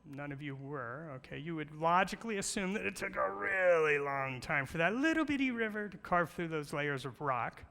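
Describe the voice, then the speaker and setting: A man's voice: fairly high pitch, lively intonation, moderate pace, creaky, hardly any pauses, bright, forceful tone. A middle-aged man giving a playful church talk, asking questions and telling jokes. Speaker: guest speaker on creation. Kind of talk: church presentation with slides. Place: large church hall. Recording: long hall reverb.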